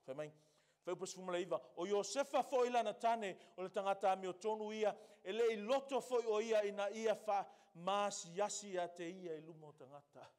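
High-voiced Samoan-accented pastor. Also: male voice, fast, a little mellow. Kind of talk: sermon. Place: church.

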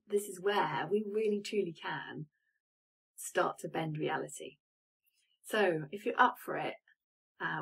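A woman leads a live-streamed coaching talk, guiding gently and pausing to let listeners reflect. Her voice sits a little low, with an airy, breathy texture. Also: poor audio. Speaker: manifestation coach.

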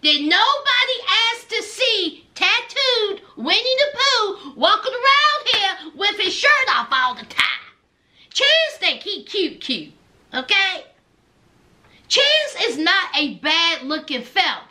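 A sassy woman hosts a reality TV recap, teasing and talking straight to her viewers. Her voice is high and very lively, with a bright edge, and she takes her time. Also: slow.

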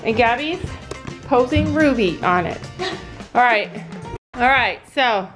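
A woman's voice: a little high, expressive, slow, over music, rough recording. A woman and mother of a family, chatting casually to her viewers into a handheld camera. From Canada. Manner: chatty, addresses viewers directly. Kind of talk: casual vlog talking to camera.

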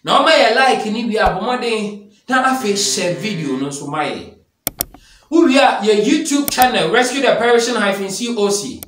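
A man with a Ghanaian accent delivers an emphatic, declamatory sermon. His voice sits high and swings widely in pitch, and it rings through an echoey room. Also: very animated, normal speed, fairly bright tone, a little hiss or hum. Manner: switches between Twi and English, emphatic and declamatory. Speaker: preacher. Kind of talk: preaching response sermon.

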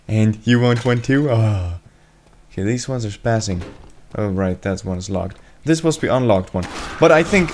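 A man's voice: fairly low pitch, normal speed, a little mellow, slight background noise. A young man giving jokey gameplay commentary as a let's play host, bursting into yelps and swearing and teasing the game monsters. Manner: talks to game monsters in mock voices.

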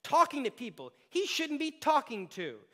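A man's voice: very high-pitched, huge pitch swings, normal speed, a bit bright. A male pastor giving a sermon in a conversational way, with playful asides to the congregation.

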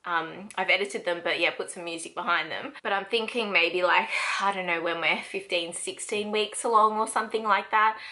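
A woman's voice: medium pitch, normal speed, few pauses, bright, forceful tone. A young woman with an Australian accent, chatting casually in a vlog, laughing often and acting out what others said. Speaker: vlogger. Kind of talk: casual chat.

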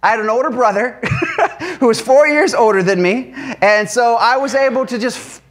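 A man's voice: extremely high pitch, moderate pace. A man preaching a sermon to a congregation, asking them questions, calling for amens and laughing as he tells stories. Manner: animated, engages congregation with questions and calls for amen; laughs while telling stories. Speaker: pastor. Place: church service before a congregation.

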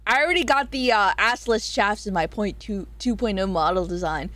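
A woman's voice: medium pitch, normal speed, fairly bright tone, dry recording. A woman streaming a casual chat, reading out viewer suggestions, giggling often and swearing freely.

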